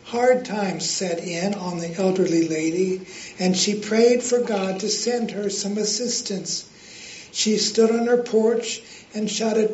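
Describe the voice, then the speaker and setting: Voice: mid-range voice, steady tone, slow pace, a little mellow, a little hiss or hum. An earnest preacher giving a devotional talk, telling a joke and then exhorting listeners to praise God, in a roomy, dull recording.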